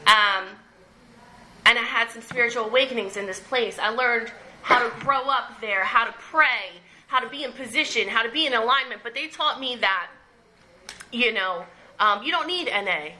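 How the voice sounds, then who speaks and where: A woman's voice: a little high, moderate pace, bright, forceful tone, slight background noise, poor audio. A young woman sharing her recovery story at a meeting, candid and conversational, often laughing as she talks. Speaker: recovery speaker. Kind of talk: personal testimony at a recovery meeting. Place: meeting room.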